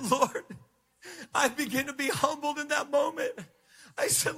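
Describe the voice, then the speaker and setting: A man preaching a sermon as a church's lead pastor, impassioned, at times dropping to a hushed voice. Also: very high voice, normal speed, slightly rough. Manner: impassioned preaching, drops to a hush when quoting God. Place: large church stage.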